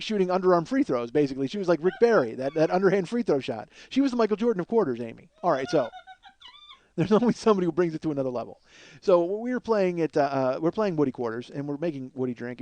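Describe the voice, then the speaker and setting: A man telling a comic story from his youth in a rambling, animated way, full of fillers and acted-out quotes. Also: on the high side, dry recording. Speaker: comedian host.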